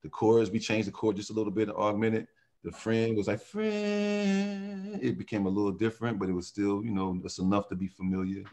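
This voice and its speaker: A man who sings in a vocal group, telling animated stories in a casual interview and often laughing. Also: on the low side, fast, few pauses. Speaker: singer in a vocal group, guest.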